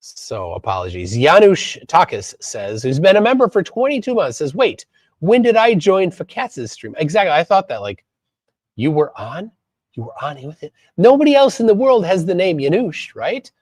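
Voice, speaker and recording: A man's voice: on the high side, very animated, darkish tone, dry recording. Minnesota guy rambling on his stream, reading chat, lots of ums, voice bouncing all over. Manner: rambling, halting, many fillers and restarts. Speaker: livestream host. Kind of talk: casual live-stream commentary reading chat.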